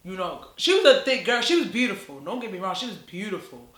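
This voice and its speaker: A woman's voice: mid-range voice, sing-song, fast talker, reverberant. A woman vlogger telling a story in casual chat, blunt and profane, rambling along as she goes.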